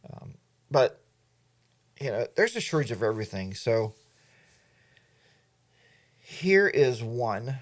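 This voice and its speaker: A man hosts a casual livestream and reads out viewer comments. He chats loosely and drifts off topic as he goes. His voice sits at an ordinary middle pitch. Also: very animated, slow, pauses often. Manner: rambling, admits he goes off topic. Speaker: livestream host.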